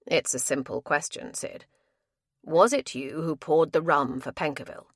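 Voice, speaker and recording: A woman reading a calm, commanding gentleman investigator with crisp formal speech. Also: low voice, moderate pace, dry recording, clean studio sound.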